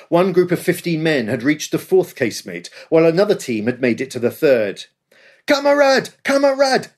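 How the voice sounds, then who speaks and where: A man's voice: mid-range voice, a little mellow. A man reading scripted history narration with a dramatic storytelling delivery. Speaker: podcast host.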